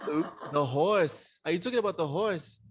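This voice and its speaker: A man's voice: fairly high pitch, normal speed. A man co-hosting a casual gaming podcast, protesting his friend's teasing in exasperated, laughing banter. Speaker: podcast co-host.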